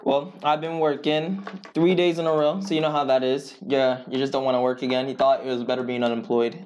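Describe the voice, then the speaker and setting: A man's voice: medium pitch, brisk, slight background noise. A man co-hosting a casual podcast chat, telling a long work anecdote in a laid-back way and acting out the people in it. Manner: laid-back, animated anecdotes with quoted voices. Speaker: podcast co-host.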